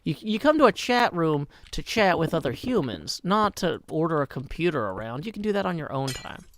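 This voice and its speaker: Chatty man with a gravelly voice. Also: fairly high pitch, big pitch swings, a little fast, fairly bright tone. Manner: chatty, wry, reads chat aloud, mutters to himself. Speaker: livestream host. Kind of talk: casual live-stream chat while gaming.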